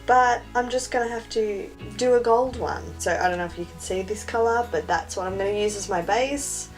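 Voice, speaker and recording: A woman's voice: mid-range voice, moderate pace, soft background music. A young woman chatting casually and self-mockingly through a makeup tutorial. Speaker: beauty vlogger.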